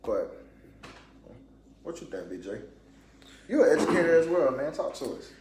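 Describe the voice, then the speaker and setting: A man's voice: on the high side, sing-song, normal speed, echoey room, background noise. A man co-hosting a podcast in casual chat, talking in a loose conversational way, often checking in with "you know what I mean" and laughing now and then. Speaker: podcast co-host.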